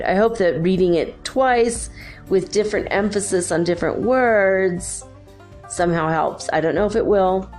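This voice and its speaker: A woman hosting a spiritual podcast, reading lines slowly and deliberately, repeating each one. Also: on the low side, a little mellow. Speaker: podcast host.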